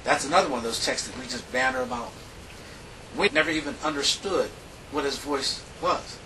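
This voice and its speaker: A man preaching a sermon, reading scripture in an emphatic, drawn-out way with big rises and falls in pitch. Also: far from the mic, noisy background.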